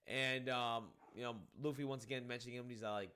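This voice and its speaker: A man's voice: medium pitch, brisk, smooth. Rambling, swearing man reviewing comics. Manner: rambling, animated, swears freely, many fillers. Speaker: manga reviewer. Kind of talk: casual spoken chapter review.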